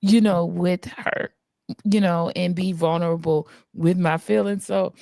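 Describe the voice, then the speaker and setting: Low-voiced woman, candid livestream chat. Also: fairly even intonation, a little slow, gravelly, mellow, no room sound, clean studio sound. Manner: candid, storytelling, laughs often. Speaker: co-host and producer.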